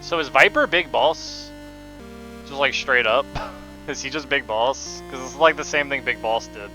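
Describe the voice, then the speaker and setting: A man's voice: medium pitch, unhurried, music in the background, rough recording. A young man streaming a game, giving casual commentary in a joking, profane way, laughing often.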